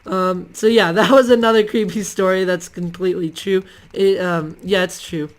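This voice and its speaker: A man's voice: sits high, fairly even intonation, moderate pace. Rambling, hesitant male storyteller. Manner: rambling, hesitant, many ums and restarts. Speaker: channel host. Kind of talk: casual storytelling to camera.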